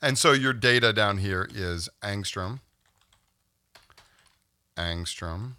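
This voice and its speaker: A man teaching a screen-recorded software tutorial, explaining step by step and checking in with "okay?" as he goes. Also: on the low side, a little slow, dry recording. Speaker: instructor.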